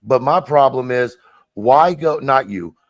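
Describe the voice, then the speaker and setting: A man's voice: mid-range voice, animated, unhurried, dry recording, dull audio. A man in a played clip from a livestream, arguing in an agitated, defensive way and repeating himself. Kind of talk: heated live-stream argument.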